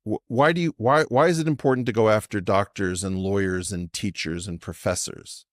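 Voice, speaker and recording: Man, podcast guest, assertive, professorial, lowish voice, dry close sound. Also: fairly even intonation, normal speed, no room sound. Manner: assertive, professorial, challenging questions. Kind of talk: conversational podcast discussion.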